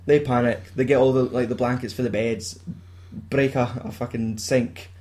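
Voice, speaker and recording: A Scottish man with a mid-pitched voice telling a story in casual chat. He swears freely, laughs along, and slips into quick voices for the characters. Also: little pitch movement, a little mellow. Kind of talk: casual chat retelling a film plot.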